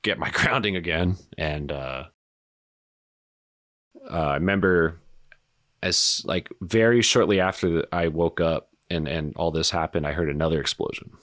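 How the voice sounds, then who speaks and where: Very deep-voiced man, halting and dry. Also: fairly bright tone, dry recording. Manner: halting, with many fillers and frequent swearing. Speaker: podcast guest, retired soldier. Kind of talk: casual conversational storytelling.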